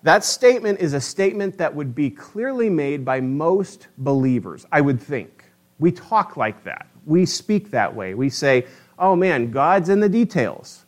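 A man preaching a sermon with a slightly high voice. He delivers it in an animated, emphatic way and keeps putting rhetorical questions to his listeners. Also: a little slow. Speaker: pastor.

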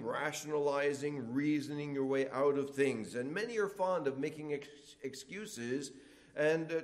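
A middle-aged man preaching a sermon, animated, acting out complainers in whiny voices. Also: fairly high pitch.

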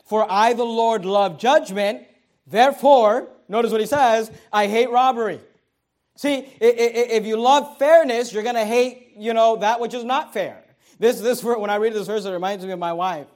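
A middle-aged man delivers a sermon in a notably high voice. He drives home his points by repeating them and breaks off for friendly asides to the congregation. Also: moderate pace, darkish tone. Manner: emphatic preaching with repeated phrases and asides to the congregation. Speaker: pastor.

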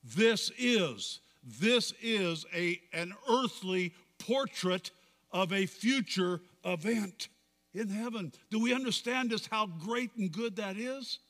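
A male pastor preaches and reads scripture aloud, his voice high and bright. He builds fervor as he goes. A long reverb from the church hall trails each phrase. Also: expressive, slow. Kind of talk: sermon.

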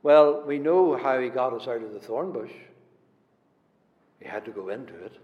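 A man's voice: mid-range voice, animated, normal speed. Preacher man in a reverberant hall. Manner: earnest, swings from loud stresses to hushed near-whispers. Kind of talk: sermon. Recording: dull audio with long hall reverb.

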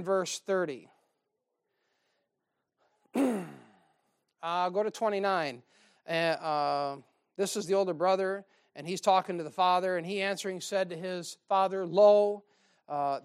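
Male preacher, conversational sermon, sarcastic and wry, peppers it with rhetorical questions and scripture reading. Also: high-pitched.

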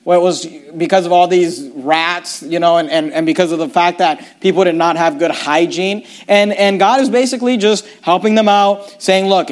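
A man's voice: sits high, normal speed, hardly any pauses. A man preaching a Bible lesson, reading verses aloud and explaining them, often stumbling and restarting. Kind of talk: bible teaching sermon.

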